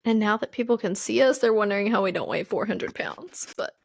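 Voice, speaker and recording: A woman co-hosts a podcast in relaxed chat, teasing her partner and laughing easily. Her mid-range voice carries a lot of gravelly fry. The recording is dry and close. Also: medium pitch, brisk, dry recording. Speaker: podcast co-host. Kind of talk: casual chat.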